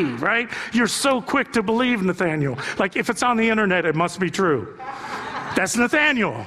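A male pastor delivers a sermon in a high voice, keeping it loose and joking and tossing rhetorical questions to the congregation. His voice rings out in a large church with a long reverb trailing each phrase. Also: sing-song, normal speed, bright, forceful tone.

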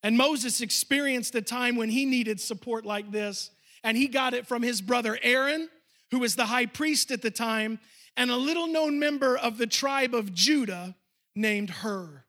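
A man's voice: extremely high pitch, a little slow, bright, forceful tone. A man preaching a sermon as pastor, telling a story and speaking directly to the congregation. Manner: storytelling, emphatic, addressing the congregation. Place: church.

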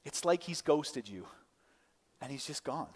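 A man's voice: on the high side, lively intonation, unhurried, slightly rough, big-room sound. A man preaching a conversational sermon, often restarting and adding side notes. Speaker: pastor. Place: church.

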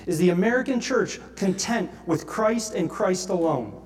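A man's voice: sits high, expressive, normal speed, a little mellow. Guy preaching, earnest and heartfelt, reads scripture then gets worked up. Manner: earnest, grows impassioned, reads scripture aloud. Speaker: pastor. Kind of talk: sermon.

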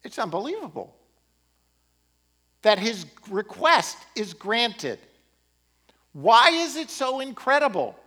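A man's voice: very high voice, slow pace, long pauses. A man preaching a sermon as pastor, building emphasis with rising and falling delivery. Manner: animated, rising and falling emphasis with occasional laughs.

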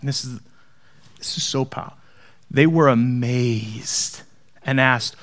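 A male pastor with a notably high voice delivers a dramatic sermon. He sinks into hushed near-whispers for weight and slips in playful asides to his congregation. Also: normal speed.

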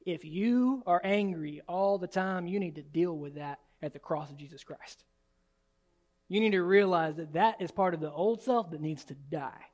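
Pastor, male, higher-pitched, animated sermon delivery. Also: normal speed. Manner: animated, swings from soft and low to loud and high. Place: church sanctuary.

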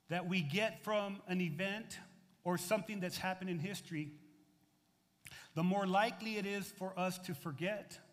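A middle-aged man from the United States preaching a sermon to his congregation, animated and conversational, swinging between loud emphatic phrases and quiet asides. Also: sits high. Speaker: pastor. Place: church sanctuary. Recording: reverberant hall.

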